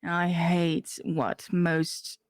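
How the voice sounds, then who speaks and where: A woman's voice: lowish voice, monotone, normal speed, dry recording, clean studio sound, lightly acted. A woman voicing a bold, confident female duelist with a put-on accent and a brash, flirty swagger.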